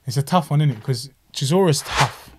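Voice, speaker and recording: A young man, co-hosting a casual podcast chat in slangy, animated bursts with frequent restarts. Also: medium pitch, a little fast, noisy background. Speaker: podcast co-host.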